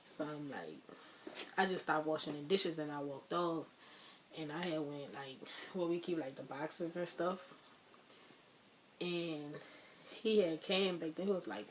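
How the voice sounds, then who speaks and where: A young woman with a slightly low voice tells a sad story from her own life. She talks to her viewers casually, calling them y'all, and the grief sits under every word. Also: measured pace, pauses often, slight background noise. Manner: chatty, addresses viewers as y'all; emotional, grieving retelling. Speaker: vlogger.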